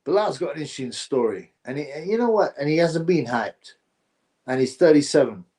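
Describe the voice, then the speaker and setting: A man hosting a live stream, chatting to viewers and reacting excitably to a fight. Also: fairly high pitch, a little fast. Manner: chatty, excitable, slangy, talks to chat viewers.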